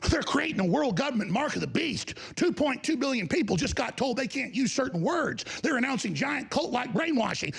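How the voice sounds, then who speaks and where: A male talk show host delivering an angry, profane broadcast tirade, shouting often. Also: very high voice, creaky. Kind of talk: ranting broadcast monologue.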